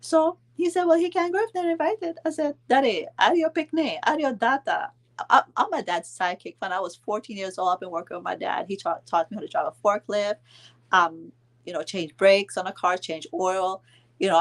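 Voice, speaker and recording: A woman in her thirties casually telling a vacation story to her viewers, chatting along with their comments and filling pauses with "um". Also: medium pitch. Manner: chatty, answers viewer comments, frequent ums and laughs. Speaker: vlog host telling a story to live viewers.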